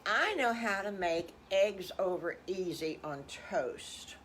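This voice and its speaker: A woman's voice: fairly low pitch, lively intonation, takes it slowly, fairly bright tone, slight background noise. An older woman voicing an earnest little boy piglet in a storybook. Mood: eager.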